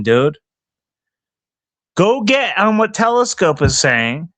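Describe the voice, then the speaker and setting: A man's voice: high voice, sing-song, takes it slowly, pauses often, fairly bright tone. A man livestreaming outdoors in the cold, ranting angrily and profanely at his chat and at himself.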